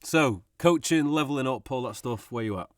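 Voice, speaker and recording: In a casual podcast chat, a male co-host of medium pitch tells stories at a moderate pace, animated and quick to laugh. The studio-quality audio has no room sound.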